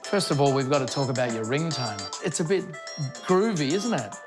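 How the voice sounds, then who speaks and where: A man's voice: fairly high pitch, lively intonation, fairly quick, music in the background. A male interviewer asking friendly, direct questions.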